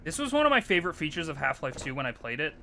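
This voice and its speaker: A man giving chatty, excitable live commentary while streaming a video game, swearing casually. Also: fairly high pitch, very fast, gravelly, a little hiss or hum.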